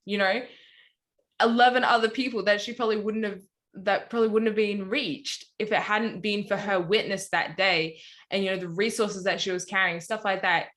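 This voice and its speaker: A woman's voice: medium pitch, fairly even intonation, moderate pace, a bit bright. Australian woman, casual chat, rambling storyteller with filler words. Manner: rambling, many "anyway" and "like" fillers. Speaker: podcast co-host.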